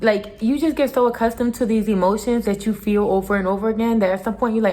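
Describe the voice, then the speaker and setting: A woman's voice: on the high side, steady tone, fast, hardly any pauses, dark tone. A young adult woman giving an earnest, casual motivational talk to camera as a vlogger, repeating her points for emphasis. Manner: earnest, repetitive, emphatic with little laughs.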